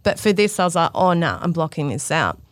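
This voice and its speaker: Animated mum telling stories. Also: female voice, lowish voice, brisk, no room sound, studio quality. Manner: animated storyteller acting out quotes. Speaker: guest, fashion stylist. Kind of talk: casual podcast chat.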